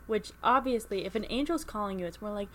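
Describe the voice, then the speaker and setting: A woman's voice: medium pitch, quick pace, slight background noise. A woman co-hosting a casual book podcast, chatting animatedly and acting out quoted lines. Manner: animated, acts out quoted lines in funny voices. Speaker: podcast co-host. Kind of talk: casual book-discussion chat.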